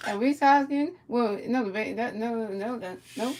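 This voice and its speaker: A woman's voice: fairly high pitch, moderate pace, hardly any pauses, a little mellow, slight background noise. A woman streamer giving casual play-by-play of a baseball video game, chatting with a viewer and stumbling over repeated words.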